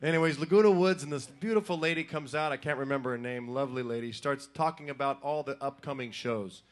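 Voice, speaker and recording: Between songs at a live music venue, a middle-aged frontman chats and jokes with the audience over his stage mic, sometimes breaking into sung examples. He has a medium-pitched voice and talks at a quick pace.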